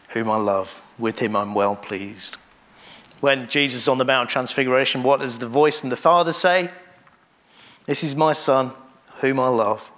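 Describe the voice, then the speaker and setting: A man preaching to his congregation with a gravelly, creaky edge to his voice. He speaks in a measured way, pausing often and going back over his phrases. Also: mid-range voice, a bit bright. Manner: measured, with pauses and restarts. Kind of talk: sermon.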